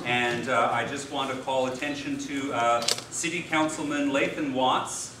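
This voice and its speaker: A man, a rabbi, giving a speech at an interfaith dinner, telling a joke in a relaxed storytelling way. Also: medium pitch, a little slow. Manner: folksy storyteller, does voices in a joke. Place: large hall. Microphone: distant mic. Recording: echoey hall from far off, noisy.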